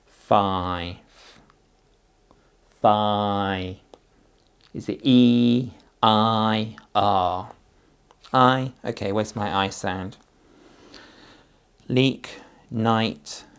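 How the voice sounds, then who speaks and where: A man teaching a phonics lesson to parents, speaking slowly and patiently as he sounds out words and syllables. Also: fairly low pitch, creaky, clear, resonant tone.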